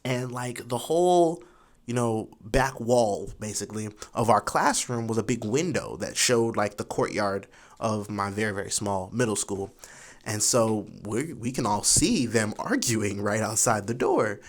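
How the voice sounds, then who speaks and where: A young man in his twenties telling a school story casually, animated and full of fillers like "you know". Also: fairly low pitch, measured pace. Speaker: vlogger.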